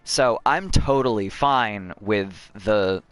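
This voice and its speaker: A man with a fairly low voice chatting over his gameplay stream. He rambles, trips over his words and keeps restarting sentences, in an easygoing commentary. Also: slow, smooth, no echo. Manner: rambling, many restarts and self-corrections.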